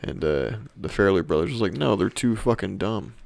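A man's voice: fairly low pitch, expressive, fairly quick, creaky, darkish tone, dry recording. A man co-hosting a podcast, recapping a film in casual chat, often acting out its lines and swearing freely. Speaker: podcast co-host.

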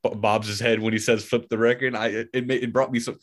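A man co-hosting a podcast, talking about a film in a casual, animated way with frequent restarts. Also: fairly low pitch, fast. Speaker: podcast co-host.

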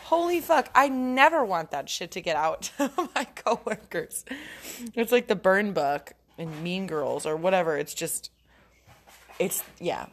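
A woman's voice: fairly low pitch, expressive, measured pace. A young adult woman hosting a casual solo podcast, talking frankly and profanely and often breaking into giggles. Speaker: podcast host.

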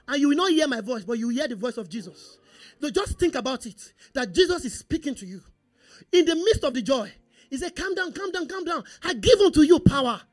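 High-pitched, animated preacher. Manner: animated, repetitive call-and-response preaching. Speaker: pastor. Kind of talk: sermon.

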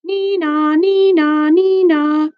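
A woman's voice: mid-range voice, animated, moderate pace, no room sound, muffled recording, faint music behind. A woman voicing a polite, eager hospital porter in an audiobook, always deferential. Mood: gleeful.

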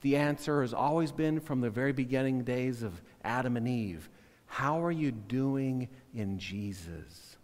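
Male pastor, earnest halting sermon delivery, mid-pitched, long church reverb. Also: a little mellow. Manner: earnest, halting, repeats words.

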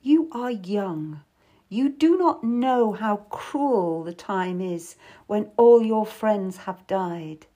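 A woman's voice: mid-range voice, animated, takes it slowly, mellow. A woman voicing a worldly, tough middle-aged lady courtier who speaks wistfully and with sudden bitterness, for an audiobook. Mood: bitter. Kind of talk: audiobook character voice.

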